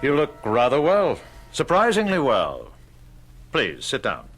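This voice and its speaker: An actor playing a cold, smooth-spoken male captor who questions his prisoner politely, in an old radio drama. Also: mid-range voice, huge pitch swings, measured pace. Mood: probing. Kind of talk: 1970s radio drama acting.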